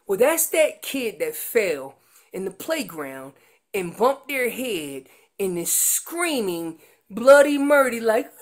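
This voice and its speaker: Slow-talking woman teaching elk calls. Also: lowish voice. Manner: explains with everyday comparisons; breaks into loud acted voices of calves and parents. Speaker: elk calling instructor. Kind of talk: seminar presentation with slides.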